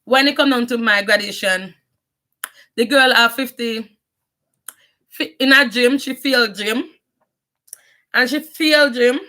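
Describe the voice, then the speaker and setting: A woman's voice: a little high, unhurried, long pauses, sharp tone. Jamaican woman rambling through her life story. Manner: rambling, repeats and restarts, patois phrases. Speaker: vlogger. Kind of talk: casual life-story monologue.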